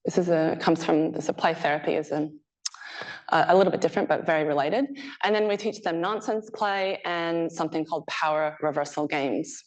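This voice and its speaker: A woman presents her research to a room of listeners, her voice sitting a little on the low side. She talks in a loose, conversational way and laughs easily between points. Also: a little fast, poor audio. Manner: chatty and animated, laughing often, acting out quotes. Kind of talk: conference presentation. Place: presentation room with a live audience.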